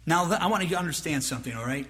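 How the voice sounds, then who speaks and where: A man preaching a sermon as pastor, emphatic and direct, acting out quick mock exchanges with his congregation and repeating his points. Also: fairly high pitch, expressive, pushed and bright. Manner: rhetorical questions and repeated phrases.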